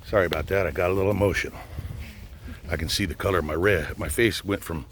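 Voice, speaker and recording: A man's voice: deep voice, fast talker, a little hiss or hum. An older man, a retired police officer, ranting bluntly and profanely to the camera while out on a boat in a swamp. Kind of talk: outdoor rant.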